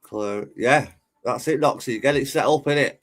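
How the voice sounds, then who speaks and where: A man's voice: mid-range voice, normal speed. Chatty English man hosting a livestream. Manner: chatty, swears freely, shouts out viewers. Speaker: livestream host. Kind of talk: casual livestream chat reading comments.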